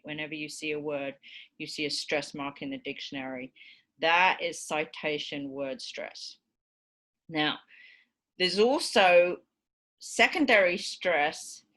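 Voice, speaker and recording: A woman lecturer teaching a class, explaining clearly and demonstrating stress patterns aloud. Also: sits low, a bit bright. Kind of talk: recorded university lecture.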